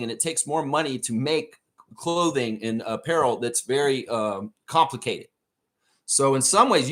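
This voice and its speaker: A man's voice: medium pitch, fairly bright tone. A man hosting a live basketball fan show in a casual chat, ranting and swearing freely as he talks. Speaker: podcast host.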